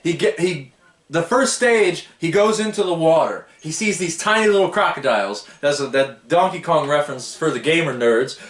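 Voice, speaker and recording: A man's voice: fairly high pitch, moderate pace, echoey room. A man giving a casual, rambling book review, stumbling over foreign names and laughing at himself.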